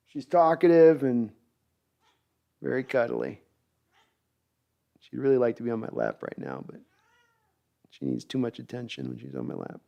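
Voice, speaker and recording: A man's voice: medium pitch, creaky, lo-fi sound. A man hosting a sports podcast livestream, chatty and self-deprecating as he reads viewer comments. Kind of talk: casual livestream chat, reading comments.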